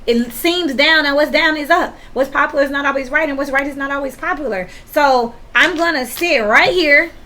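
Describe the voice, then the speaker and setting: A woman's voice: high voice, moderate pace, few pauses, sharp tone. A woman giving a casual tarot reading, talking straight to the viewer in a blunt, slangy, profane way that gets worked up, with sudden laughs. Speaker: tarot reader.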